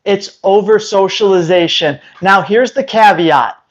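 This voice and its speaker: A man's voice: sits high, measured pace. A man giving blunt, emphatic dog-training advice straight to the viewer. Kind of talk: instructional talk to camera. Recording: slightly dull lo-fi sound.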